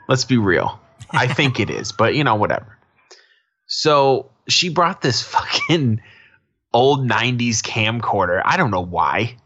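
A man's voice: fairly low pitch, pushed and bright, dull audio. A man co-hosting a podcast, recapping a TV episode in casual, rambling chat that drifts into asides. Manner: rambling, digressive, laughs often. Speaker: podcast co-host.

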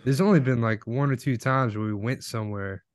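A man's voice: mid-range voice, a little fast, dry recording. Rambling man, dry close sound. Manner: rambling, heavy use of filler words. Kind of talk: casual chat.

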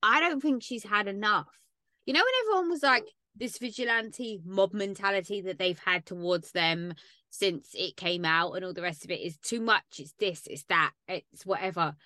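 A woman's voice: mid-range voice, normal speed, sharp tone, no echo, studio quality. A woman co-hosting a podcast, chatting casually and recapping reality TV with blunt swearing and exasperation. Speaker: podcast co-host. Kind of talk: casual chat.

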